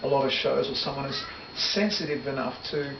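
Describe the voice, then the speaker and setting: A man's voice: mid-range voice, brisk, creaky. A middle-aged man, a musician reminiscing in a casual interview, rambling and correcting himself as he goes. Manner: rambling, self-correcting, laughs easily. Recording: echoey, distant, dull, loud noise.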